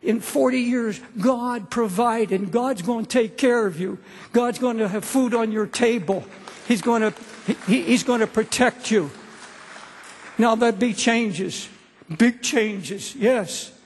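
A man's voice: very high voice, slow, a little hiss or hum. A man in his seventies preaching an earnest sermon to a congregation, repeating phrases for emphasis. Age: 70s. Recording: long hall reverb.

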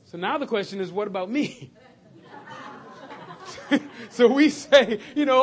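A man preaching a sermon to his congregation, animated, laughing and shouting at times. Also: extremely high pitch, moderate pace, long pauses, some chatter behind. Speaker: pastor. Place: church sanctuary.

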